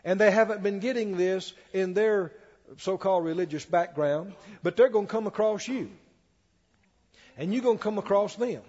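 High-voiced preacher man in an echoey church. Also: moderate pace, a little mellow, dull audio. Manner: reads scripture aloud with rising emphasis, questions the congregation. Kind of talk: sermon. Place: church before a congregation.

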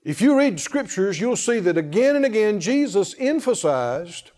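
Male preacher, high voice, emphatic sermon delivery, long hall echo. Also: sing-song, moderate pace, darkish tone. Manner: emphatic, calls on the congregation to respond.

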